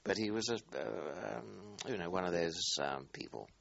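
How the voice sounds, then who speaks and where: Older man, very deep gravelly voice. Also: expressive, fairly bright tone, lo-fi sound. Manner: halting, many restarts and searching for words. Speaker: interviewee, former squadron commander. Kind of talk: oral history interview.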